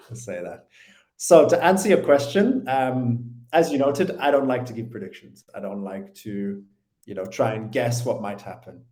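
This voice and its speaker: A man's voice: mid-range voice, unhurried, darkish tone. A British man in his thirties, an interview guest talking in an easygoing way with many fillers. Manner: easygoing, filler-heavy, hedging. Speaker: interview guest, finance channel creator. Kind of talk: casual interview. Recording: echoey room.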